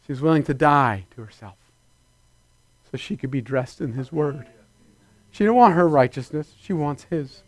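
In a church, a man delivers a loose, conversational sermon to his congregation, slipping into playful put-on voices to act out little scenes. His voice is a little high for a man, at normal speed with frequent pauses. The recording is dry and close to the mic.

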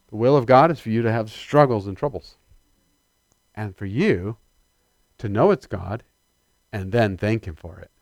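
Man preaching a sermon, middle-aged, animated, dry close sound. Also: fairly low pitch, a little slow, pauses often, dry recording. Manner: animated, calls out to the congregation.

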